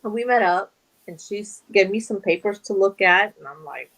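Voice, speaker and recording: A woman's voice: medium pitch, moderate pace, low-quality recording. A young woman guest in a casual interview, animatedly telling stories and acting out quoted dialogue. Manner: animated, acts out quoted dialogue, laughs often. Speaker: guest actress.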